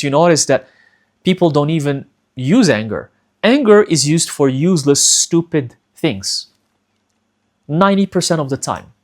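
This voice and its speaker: Man giving earnest spiritual advice. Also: on the high side. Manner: earnest, repeats key phrases, asks rhetorical questions. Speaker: spiritual teacher.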